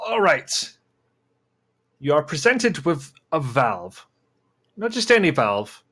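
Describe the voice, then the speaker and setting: A man's voice: fairly high pitch, very animated, slow, a bit bright. A man on a panel telling his idea in a dry, self-mocking way. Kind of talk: casual panel chat.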